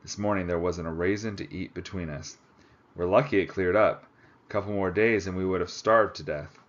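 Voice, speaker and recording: A man reading aloud, voicing an exhausted male climber with frostbite who speaks bluntly with dark humor. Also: low-pitched, fairly even intonation, a little fast, dull audio, close to an everyday voice.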